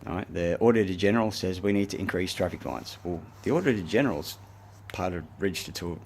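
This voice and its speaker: A man's voice: sits low, fast talker, a little mellow, a little hiss or hum. An Australian man delivering a rambling, agitated, swear-laden monologue to the camera. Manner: profane, agitated, rambling ranting. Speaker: self-recorded speaker.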